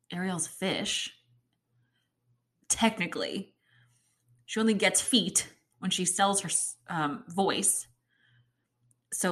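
A woman's voice: medium pitch, a bit bright. A woman giving her opinions in casual talk, emphatic and exasperated, often laughing in disbelief.

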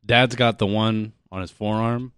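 A man's voice: lowish voice, fairly even intonation, unhurried, a bit bright, clear, resonant tone, dry recording. Joking man in casual chat. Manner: joking interjections, crude quips.

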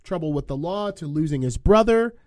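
A man's voice: a little high, lively intonation, a little fast, a little mellow. A man hosting a podcast, leading segments with upbeat presenter patter. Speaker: podcast host. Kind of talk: casual podcast chat.

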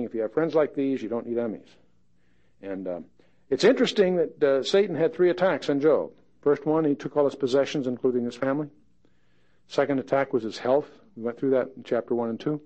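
A man's voice: medium pitch, dark tone. A man teaching a conversational Bible study in a folksy, plain-spoken way with wry asides. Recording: dull lo-fi podcast recording.

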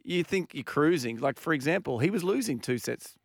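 A man's voice: a little high, lively intonation, fairly quick, vocal fry, no echo, clean studio sound. A man co-hosting a radio show, chatty and laughing often. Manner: chatty, laughs between lines. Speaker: radio host. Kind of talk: casual radio banter.

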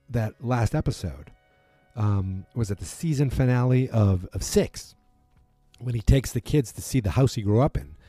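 A man in casual chat, rambling through a TV episode recap with many fillers and quick acted-out quotes. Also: medium pitch, warm tone, dry recording. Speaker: podcast host recapping a TV drama.

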